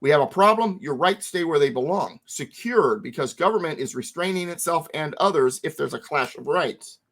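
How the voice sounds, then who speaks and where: A man with a fairly high voice explains a founding document to a co-host. He talks with emphatic, lively stress and often repeats key words to drive a point home. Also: moderate pace. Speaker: teacher.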